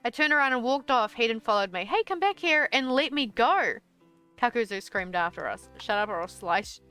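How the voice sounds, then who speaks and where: A woman's voice: a little high, expressive, normal speed, bright, forceful tone, clear, resonant tone, soft background music. A young woman streamer reading her old story aloud, breaking off into exasperated, swearing asides.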